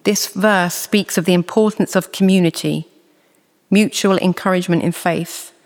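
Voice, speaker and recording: A preacher giving a sermon in a measured, earnest way, reading scripture slowly and deliberately. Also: medium pitch, steady tone, in a large hall.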